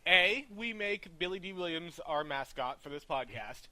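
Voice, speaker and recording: A man's voice: a little high, lively intonation, moderate pace, pushed and bright, no echo. A man co-hosting a podcast in casual chat, playful and teasing as he goads the others. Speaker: podcast co-host.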